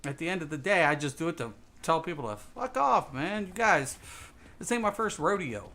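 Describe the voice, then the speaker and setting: Sex: man. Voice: bright, slightly high. Role: game streamer. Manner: profane, repetitive rant. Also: lively intonation, normal speed. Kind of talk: casual gaming stream talk.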